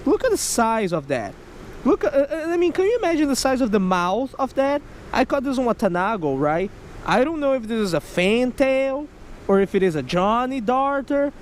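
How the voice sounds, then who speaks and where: A man narrating his own fishing vlog outdoors at a creek, excitable, talking to himself and the fish and shouting when he gets excited. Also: very high voice, normal speed, a little hiss or hum. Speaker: fishing vlogger.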